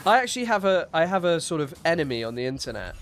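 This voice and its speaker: Lively, higher-voiced male streamer. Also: quick pace, slight background noise. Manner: amused, chatty, reacts and speaks to his chat. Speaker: game streamer. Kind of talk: casual livestream commentary.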